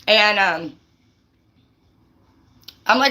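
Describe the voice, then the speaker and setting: A woman's voice: mid-range voice, moderate pace, fairly bright tone. A woman vlogging a personal story in a rambling, heated, foul-mouthed monologue, full of restarts and "dude". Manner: profane, heated, peppered with "dude" and "bro"; rambling, with frequent restarts and fillers.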